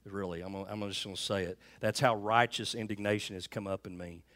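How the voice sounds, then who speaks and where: A man preaches to his congregation in a fairly low voice. He tells stories earnestly, and he often stumbles and restarts a phrase before pressing on. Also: fairly even intonation, fairly quick, a bit bright. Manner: earnest storytelling with frequent restarts. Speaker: pastor. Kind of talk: sermon. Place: church sanctuary.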